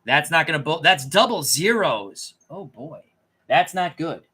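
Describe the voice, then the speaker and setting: A man's voice: a little high, sing-song, unhurried, sharp tone, slight background noise. A man casually thinking aloud as he plays a tabletop dice game, often muttering and correcting himself. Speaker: tabletop game player and channel host.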